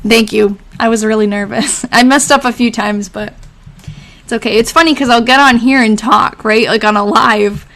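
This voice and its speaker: Reading from her old diaries on a relaxed live stream, a young woman talks with her viewers, responds to comments, and laughs a lot. Her voice is a little high with fairly even intonation, a moderate pace, and a fairly bright tone.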